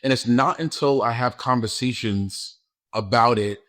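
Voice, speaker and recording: An earnest man speaks at an ordinary middle pitch. He talks casually as a guest on a podcast, repeating words as he searches for them. His feelings come through openly as he talks. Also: measured pace, a bit bright. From New York. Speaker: school principal, guest. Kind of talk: casual interview talk.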